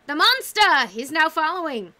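Bright, high-voiced woman hosting a book stream. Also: big pitch swings, normal speed. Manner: enthusiastic, reads chat comments aloud. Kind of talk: casual livestream chat.

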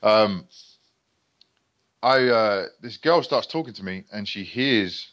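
A man's voice: fairly low pitch, slow, fairly bright tone. A young British man, a fighter guest on a casual podcast, who tells stories and acts out quoted lines. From Britain. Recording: dull lo-fi sound.

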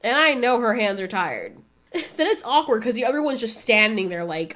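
A woman's voice: fairly high pitch, big pitch swings, normal speed, fairly bright tone. Sarcastic woman recapping a movie. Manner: sarcastic, nitpicking. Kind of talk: casual movie recap commentary.

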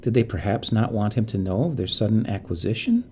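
A man narrating a quiet, creepy story in a measured, quietly suspenseful way. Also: on the low side, animated, slight background noise.

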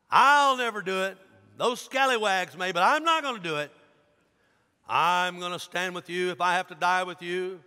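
The apostle Peter, a grown man pleading and insisting in an emphatic voice, as a preacher acts him out in his sermon. The voice is bright and sharp. A long church-hall reverb trails behind every word. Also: sits high, unhurried, pauses often, smooth, voice pushed up, exaggerated voice. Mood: boastful.

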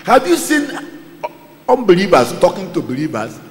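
A male pastor preaching a sermon, calling out Bible verses for a reader to read and repeating them, with loud exclamations and quiet asides. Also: wildly swooping pitch, normal speed. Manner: dramatic, swings from loud exclamations to low asides. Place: church hall. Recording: echoey church hall.

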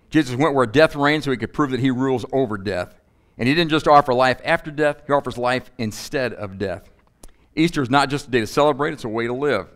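Man preaching an animated sermon. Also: mid-range voice, a little fast. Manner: animated, rhetorical questions, playful asides. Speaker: pastor. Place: church.

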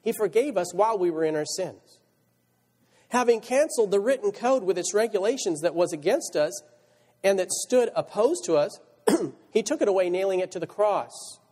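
High, lively preaching man in a church hall. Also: moderate pace. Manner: rhetorical questions, reads scripture aloud. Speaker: pastor. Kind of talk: sermon. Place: church sanctuary.

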